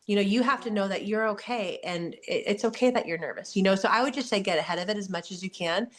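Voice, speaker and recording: A woman in her forties, appearing as a guest athlete, answers questions in a candid, earnest motivational talk. Her medium-pitched voice moves fast, and she's warm-hearted, often dropping "you know" and "like."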